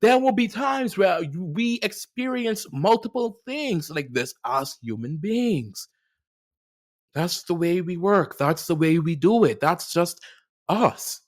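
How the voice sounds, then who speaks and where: Young adult man, podcast host, fairly high pitch, expressive solo monologue with playful swings. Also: slow pace. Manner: animated, playful riffs with big swings in pitch and loudness.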